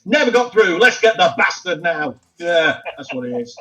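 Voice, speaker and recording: A flamboyant middle-aged man fronts a mock phone-in quiz over a video call. He speaks high and bright, and his pitch leaps around as he teases callers and shouts for them to stop. His banter is loud and theatrical. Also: moderate pace, hardly any pauses, muffled recording. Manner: animated, teasing, exclaims loudly. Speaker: guest presenter hosting a mock phone-in quiz.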